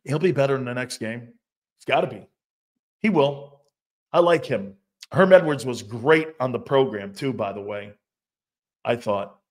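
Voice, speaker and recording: A man's voice: medium pitch, measured pace, pauses often. A man hosting a sports talk show, reacting to fan comments in a loose, profane way and laughing often. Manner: animated, laughing, profane, loud outbursts.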